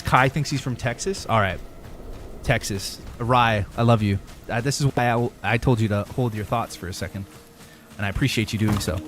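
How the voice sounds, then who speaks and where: A male game streamer from Northern Ontario talks loosely with his chat, circling back over his points and cursing freely. His voice sits at an ordinary middle pitch. A faint noise hangs behind him. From Northern Ontario, Canada. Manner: rambling, argumentative, swears freely. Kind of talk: casual chat with stream viewers.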